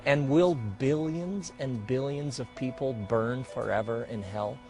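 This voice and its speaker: A man's voice: mid-range voice, unhurried, over music. Earnest man asking searching questions. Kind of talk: questioning narration.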